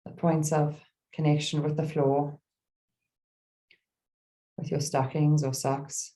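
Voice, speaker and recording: A middle-aged woman leading a guided meditation and reading a poem aloud, speaking slowly and soothingly with gentle pauses. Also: deep voice, little pitch movement.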